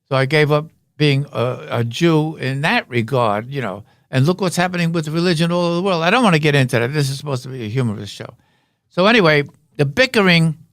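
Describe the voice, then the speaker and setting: A man's voice: fairly high pitch, no echo, clean studio sound. An older man, a guest on a podcast, telling rambling anecdotes and jokes in a casual way. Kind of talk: casual storytelling. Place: podcast studio.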